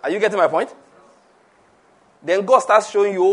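A man's voice: high voice, normal speed, long pauses, a bit bright. A man preaching a conversational sermon, laughing often, repeating himself and asking the audience questions.

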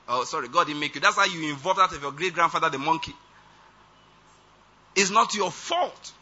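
A man's voice: sits high, pushed and bright, breathy edge. A man preaching a sermon, emphatic and often checking that his listeners follow. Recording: dull lo-fi recording.

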